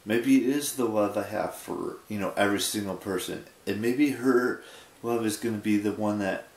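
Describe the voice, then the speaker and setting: A man in his twenties talking casually in a late-night vlog, sleepy and rambling, with halting restarts. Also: fairly low pitch, darkish tone, roomy sound. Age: 20s. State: sleepy, yawning. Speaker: vlogger.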